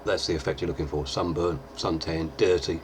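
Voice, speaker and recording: A deep-voiced man, chatting casually through a makeup tutorial with plenty of fillers. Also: fairly even intonation, a little fast, background noise. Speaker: lookalike performer giving a tutorial.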